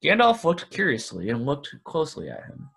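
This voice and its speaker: A man reading a novel aloud in plain, steady narration. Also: on the high side, moderate pace, vocal fry, slightly rough. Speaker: audiobook reader.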